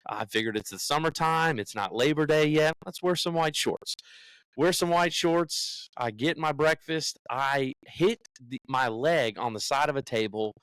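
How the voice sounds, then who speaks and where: A man's voice: a little high, measured pace, fairly bright tone, clear, resonant tone, no echo, poor audio. A young man from the United States, a podcast co-host, tells a story in casual chat and acts out what other people said.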